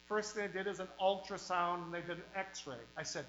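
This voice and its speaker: A male pastor preaching a sermon in a church, emphatic, with sudden swings in loudness and words he stretches out slowly. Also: high voice, steady tone. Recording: roomy, dull sound with faint mains hum.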